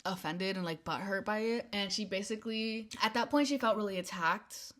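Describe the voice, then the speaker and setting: A young woman casually telling a storytime, animated and petty, acting out quotes and dropping to whispered asides. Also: mid-range voice, normal speed. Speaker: vlogger.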